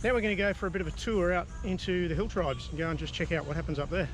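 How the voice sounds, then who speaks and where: A man's voice: high-pitched, steady tone, very fast. A man, chatting enthusiastically as he vlogs his sailing travels outdoors. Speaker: sailing vlogger. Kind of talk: casual travel vlog narration. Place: outdoors, boat and road travel.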